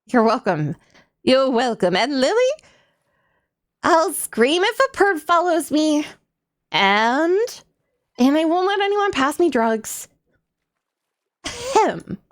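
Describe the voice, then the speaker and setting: A woman's voice: sits high, big pitch swings, slow pace, pauses often, full character voice. A woman voicing a hip older grandmother at a post office, doting and folksy.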